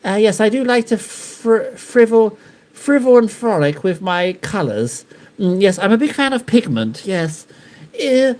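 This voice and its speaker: A man putting on a posh, pompous aristocrat's voice, with an affected drawl and drawn-out yeses. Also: high-pitched, very animated, darkish tone, voice pushed up.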